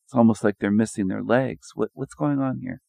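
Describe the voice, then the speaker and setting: Gravelly low-voiced man, sarcastic questioning. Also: fairly even intonation, a little fast, darkish tone, no room sound. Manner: rhetorical questioning, mocking, repetitive. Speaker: video commentator. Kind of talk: sarcastic monologue over images.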